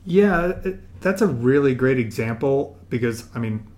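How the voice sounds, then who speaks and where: A man's voice: medium pitch, animated, measured pace, a little mellow. A man hosting a podcast, asking guests long, loose questions and agreeing in a casual tone. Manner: casual, affirming, asks long rambling questions. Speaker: podcast host. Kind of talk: interview questions.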